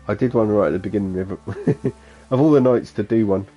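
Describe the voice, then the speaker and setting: A man's voice: fairly low pitch, normal speed, mellow, faint music behind. A man with a Suffolk accent chatting casually and rambling as he streams a game, chuckling to himself. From England. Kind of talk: casual gameplay chat.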